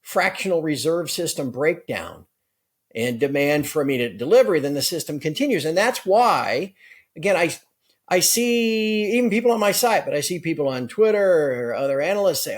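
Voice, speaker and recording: Brisk, explanatory male guest. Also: on the high side, lively intonation. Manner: brisk, explanatory, with occasional laughs. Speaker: guest analyst. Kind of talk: conversational interview.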